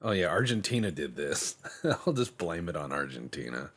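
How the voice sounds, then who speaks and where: A man with a very low voice talks through his game in an animated, swinging way. He is a jokey, sweary host who pokes fun at himself. It is casual let's-play commentary. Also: husky. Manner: joking, sweary, self-mocking; slips into quick silly voices for other countries. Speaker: gaming channel host.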